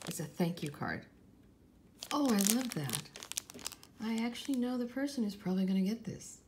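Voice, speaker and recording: Woman from California, home unboxing vlogger, animated pitch, chatty and effusive with frequent soft asides. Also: moderate pace, noisy background. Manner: chatty and gushing, often dropping to a soft whisper. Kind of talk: casual unboxing vlog.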